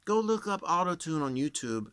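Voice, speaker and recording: A man in his thirties rambles casually to camera, explaining voice tricks as a working voice actor. His pitch swings widely as he talks. The recording is close and dry. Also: sing-song, normal speed, fairly bright tone, clear, resonant tone, dry recording.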